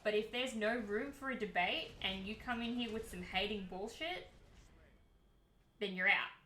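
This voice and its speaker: A woman's voice: mid-range voice, moderate pace, sharp tone, a little hiss or hum. A woman streamer chatting casually and candidly to her viewers, heated at times and swearing freely. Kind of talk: casual livestream chat. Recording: roomy echo.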